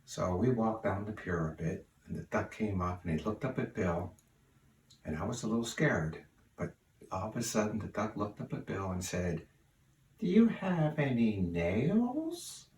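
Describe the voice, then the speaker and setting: Brief: older man, deep low voice, folksy rambling remembrance, distant mic in an echoey room. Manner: unhurried, folksy, many fillers. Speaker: relative sharing memories. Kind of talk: spoken remembrance. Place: room at home. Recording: roomy, distant mic, faint hiss.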